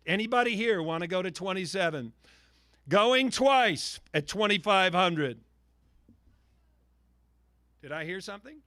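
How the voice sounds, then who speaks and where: A man with a high, ringing voice runs a charity auction, firing off bid calls in energetic patter. He jokes and needles the bidders by name. The sound is dry and close, with no room around it. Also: measured pace, long pauses, no room sound.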